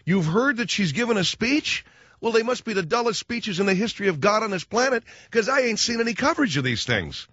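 Wisecracking radio host, lively voice. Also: male voice, sits high, fairly quick, no room sound. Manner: rambling, wisecracking, acts out little scenes. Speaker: radio talk show host. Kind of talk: comic radio monologue. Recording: dull, dry studio radio sound.

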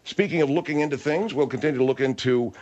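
A man's voice: mid-range voice, fast, darkish tone, highs cut off. A male talk radio host speaking in a wry, meandering, self-deprecating way.

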